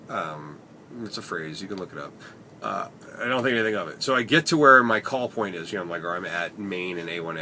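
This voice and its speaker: A man's voice: low-pitched, pushed and bright, a little hiss or hum. A man telling stories from his taxi shifts in a rambling, wry way, sometimes swearing, recorded inside his cab. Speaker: taxi driver. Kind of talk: casual storytelling vlog.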